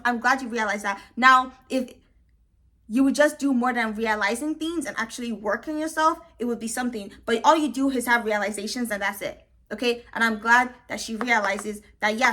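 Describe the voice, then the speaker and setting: A young woman giving a casual, opinionated recap of a reality show, ranting in an animated way and often saying "like" and "okay". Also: a little high. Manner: animated, ranting, fast, says "like" and "okay" a lot.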